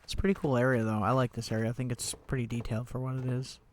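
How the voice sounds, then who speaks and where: A man's voice: medium pitch, little pitch movement, racing, a little hiss or hum. A man streaming a game, thinking aloud in casual commentary with wry, sarcastic asides.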